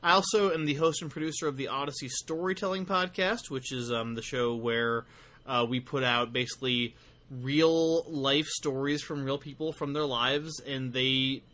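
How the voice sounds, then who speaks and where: A man's voice: medium pitch, steady tone, normal speed, bright, forceful tone. A tired man co-hosting a podcast, rambling casually through plugs for his projects. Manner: rambling, self-deprecating plugs. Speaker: podcast co-host. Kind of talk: casual chat.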